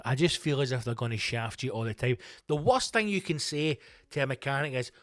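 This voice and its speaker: Male comedian, brash and sweary, animated yarn-spinner, mid-pitched voice, close dry mic. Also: a little fast, dry recording. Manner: profane, animated, self-mocking, acts out quotes. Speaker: comedian host. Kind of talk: comic storytelling monologue.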